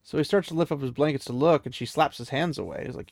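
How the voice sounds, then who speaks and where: A man's voice: fairly high pitch, quick pace, gravelly, darkish tone, no room sound, studio quality. A man casually retelling a fantasy story in a chatty, loose way, with many "he's like" asides.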